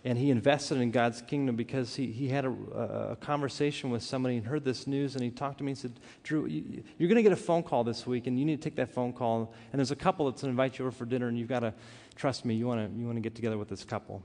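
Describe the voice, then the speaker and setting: A man preaching a sermon, telling a personal story with earnest, animated delivery and frequent restarts. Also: medium pitch, fast, few pauses. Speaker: pastor. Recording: hall reverb.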